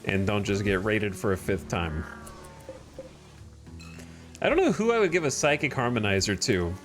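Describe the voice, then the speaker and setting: A man's voice: fairly low pitch, sing-song, moderate pace, faint music behind. A man streaming a game, chatting casually and thinking aloud about his next moves. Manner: thinks aloud while playing, chatty and easygoing. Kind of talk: casual gameplay commentary.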